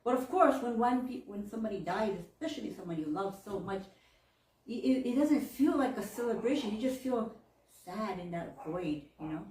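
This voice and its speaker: Woman, 40s, sermon, warm chatty talk with laughs, roomy echo, distant mic. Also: medium pitch, lively intonation, normal speed. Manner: laughs often, mixes in Japanese phrases, chatty and heartfelt. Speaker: minister. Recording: echoey room, mic far off.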